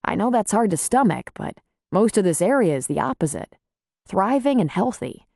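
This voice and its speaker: A woman voicing a calm, plain-spoken man who runs a small-town bar, in an audiobook. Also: mid-range voice, moderate pace, creaky, no echo, studio quality. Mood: steady. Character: Jack, male small-town bar owner, calm and steady.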